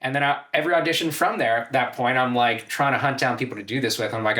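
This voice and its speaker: A male comedian guesting on a talk show and telling stories in an animated, casual way. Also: medium pitch. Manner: animated storytelling, quick asides. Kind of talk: casual interview chat.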